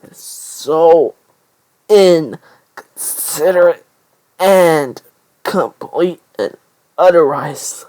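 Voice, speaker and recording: A man's voice: medium pitch, slow, rough recording. A man giving rambling, casual gaming commentary, swearing constantly. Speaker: gameplay commentator.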